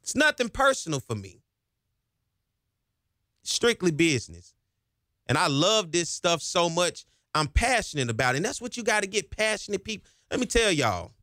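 A man hosts a talk radio show. His voice sits a little high and comes out bright and forceful, rising in passion the longer he talks. The studio sound is close and dry. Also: sing-song, normal speed, dry recording. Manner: passionate, gets himself hyped up as he talks. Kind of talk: energetic talk radio monologue. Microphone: studio microphone.

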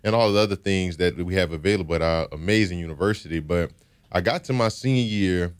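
A man's voice: deep voice, quick pace, smooth. A young man from Louisiana, a former football player, telling his story in a reflective, earnest way in an interview. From Baton Rouge, Louisiana. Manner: reflective, earnest, with frequent "you know"s.

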